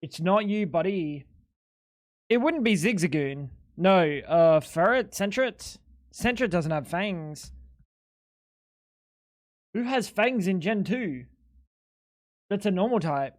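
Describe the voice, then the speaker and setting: A live streamer giving casual, excitable gaming commentary to chat, swearing often and mocking their own mistakes. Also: medium pitch, slow pace, long pauses. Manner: excitable, profane, self-mocking banter.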